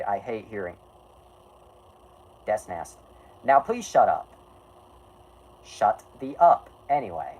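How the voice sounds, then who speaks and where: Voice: mid-range voice, warm tone, slight background noise, poor audio. A streamer reading an article aloud to chat with sarcastic, self-deprecating asides, often breaking off and restarting with "anyway".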